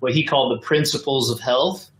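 A man's voice: mid-range voice, brisk, fairly bright tone, roomy sound, poor audio. An American man, a podcast guest joining by video call, telling his story in a casual, rambling way full of "like" and "you know". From United States. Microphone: video call from home.

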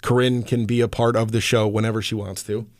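A man hosting his own podcast in casual chat, rambling and animated, with lots of fillers and the odd curse. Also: on the low side, a little fast, no echo, studio quality. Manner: rambling, animated storyteller with frequent fillers and profanity. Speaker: podcast host.

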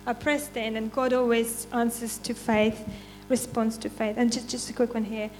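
A woman's voice: fairly high pitch, flat delivery, normal speed, darkish tone, slight background noise. A woman giving an informal church testimony and reading scripture, chatty and unpolished, often breaking into laughs.

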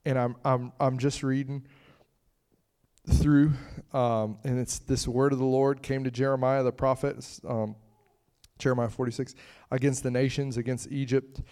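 A man's voice: mid-range voice, level tone, normal speed, a little mellow. A man preaching a conversational sermon, chatting with the congregation and breaking into fits of laughter.

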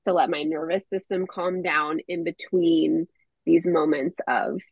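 A woman's voice: deep voice, steady tone, measured pace, vocal fry, a little mellow, husky, dry recording, lo-fi sound. A woman guest on a podcast, a mother, talking in an earnest, reflective way and laughing easily. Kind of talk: casual podcast conversation.

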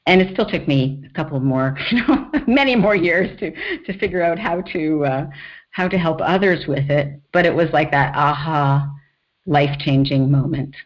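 Animated middle-aged woman telling her story. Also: deep voice, moderate pace, lo-fi sound. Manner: animated, laughs often, acts out quotes. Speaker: guest, screenwriter and author. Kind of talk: storytelling in a podcast interview.

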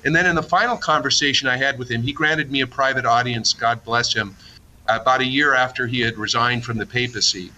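A middle-aged man, an archbishop guest, speaking reflectively in a radio interview, with frequent halting restarts. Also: mid-range voice, fairly even intonation, sharp tone, rough recording.

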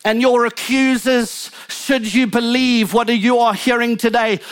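High-voiced fervent male preacher. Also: flat delivery, a little slow, fairly bright tone, clean tone. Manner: fervent, emphatic preaching with rising and falling intensity. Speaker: pastor. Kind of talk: sermon.

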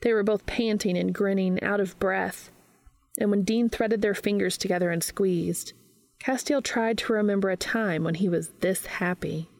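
A woman reading fan fiction aloud in a steady, even narrating voice. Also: mid-range voice, moderate pace, no echo.

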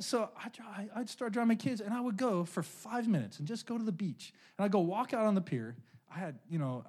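A middle-aged man delivers a sermon in a loose, conversational way, leaning on personal stories and checking in with the congregation. His voice sits a little high for a man and swings widely in pitch as he talks. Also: darkish tone. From California. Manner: casual, conversational storytelling with frequent "right?". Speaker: pastor.

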